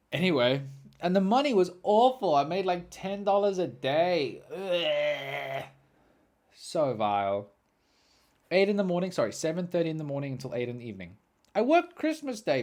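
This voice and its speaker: A young man hosting a podcast, telling stories in an animated, swearing, ranting way. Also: a little high. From South Africa. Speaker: podcast host. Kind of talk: storytelling monologue.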